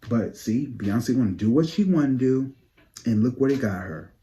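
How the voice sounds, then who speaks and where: A man giving sassy, profane gossip commentary to his viewers, dropping to low mutters and jumping up to high exclaims. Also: expressive, moderate pace, mellow. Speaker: psychic tarot channel host.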